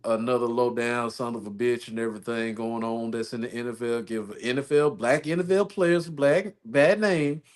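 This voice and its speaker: Man, podcast co-host, casual rambling delivery, mid pitch. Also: fairly even intonation, normal speed, hardly any pauses. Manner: rambling, repeats phrases, laughs often. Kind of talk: casual chat.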